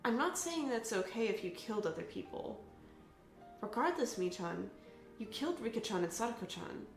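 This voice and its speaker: A woman's voice: fairly high pitch, very animated, moderate pace, roomy sound, faint music behind. A woman voicing a girl who speaks in a cold, accusatory way. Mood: accusing. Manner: cutting, accusatory.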